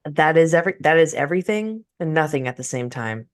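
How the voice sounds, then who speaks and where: A woman's voice: deep voice, expressive, brisk. A woman co-hosting a casual podcast, teasing her friend in a dry way. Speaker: podcast co-host. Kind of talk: casual chat.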